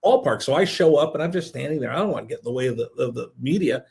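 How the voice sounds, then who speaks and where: A man hosting a podcast interview, an animated storyteller who acts out the quotes in his anecdotes. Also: medium pitch, very fast, vocal fry. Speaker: podcast host, executive producer.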